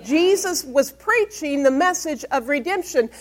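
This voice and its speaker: A woman's voice: sits high, expressive, measured pace. A woman pastor preaching a Bible-study sermon. She reads scripture aloud and asks her congregation questions to prompt their answers. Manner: emphatic, call-and-response questions.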